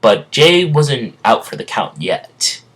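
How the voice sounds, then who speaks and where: A man retelling a fan story in a halting, rambling way, full of restarts. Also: medium pitch, big pitch swings, fairly bright tone, slightly rough.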